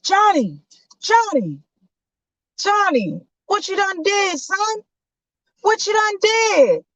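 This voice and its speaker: A loud, hot-tempered father, played by a woman telling the tale, shouting in a brash, slangy way. The recording is dry and slightly dull. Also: extremely high pitch, very animated, takes it slowly, no room sound, pitched above the performer's own voice, full character voice. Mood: alarmed. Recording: dull lo-fi sound.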